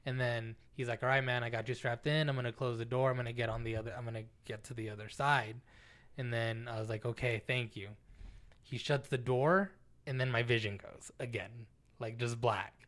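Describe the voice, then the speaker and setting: A brisk, mid-range male voice belongs to a young man co-hosting a podcast. Chatting casually, he tells a story with plenty of energy and swearing, acting out what others said.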